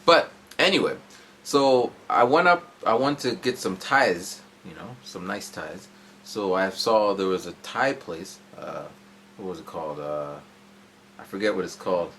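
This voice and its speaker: A man's voice: low-pitched, expressive, unhurried, fairly bright tone, slight background noise. A man in his forties telling a long, rambling story in a casual vlog from home, jumping around as he goes. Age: 40s. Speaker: vlogger. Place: at home indoors.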